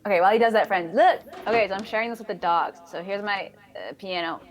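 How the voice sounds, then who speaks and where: A woman's voice: mid-range voice, fast talker, soft background music. A woman co-hosting a casual live stream from her home office, talking in a wry, chatty way. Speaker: co-host.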